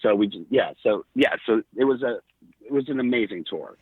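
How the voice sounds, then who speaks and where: A middle-aged man, a podcast guest, telling lively backstage stories with quoted dialogue. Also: lowish voice, brisk, slightly rough, no echo. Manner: animated anecdotes with quoted dialogue. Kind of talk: casual storytelling. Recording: tinny phone-like line.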